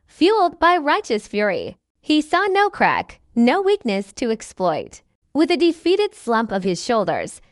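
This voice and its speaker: High, lively woman narrating a drama. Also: no echo, clean studio sound. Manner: dramatic, intense storytelling. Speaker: storyteller. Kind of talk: scripted first-person narration.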